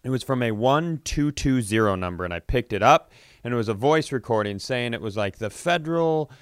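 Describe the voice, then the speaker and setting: Comedian host, male, smooth clear tone, animated storyteller. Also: mid-range voice, brisk, dry recording, clean studio sound. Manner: animated, acts out phone voices, laughs mid-story. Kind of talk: casual storytelling.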